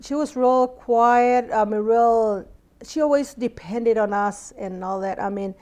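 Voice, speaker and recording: Woman, 60s, South Texas, mellow tone, lively storyteller who plays out the dialogue. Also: on the high side, measured pace. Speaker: interviewee. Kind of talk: oral history storytelling.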